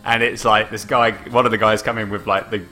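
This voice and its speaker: Bright-voiced man laughing through game chat. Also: on the low side, level tone, a little fast. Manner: laughs often, acts out quotes in raised voice. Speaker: podcast co-host. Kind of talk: casual chat about retro video games.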